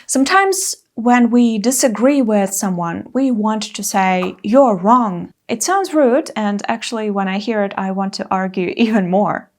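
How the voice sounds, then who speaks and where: A woman in her thirties teaching an English lesson, speaking clearly and carefully and acting out example phrases. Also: mid-range voice, expressive, normal speed, hardly any pauses, darkish tone.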